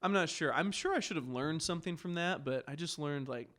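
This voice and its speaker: A man's voice: a little high, brisk, a bit bright. A young man, a comedian, telling a profane story on a podcast and laughing often. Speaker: stand-up comedian, podcast guest.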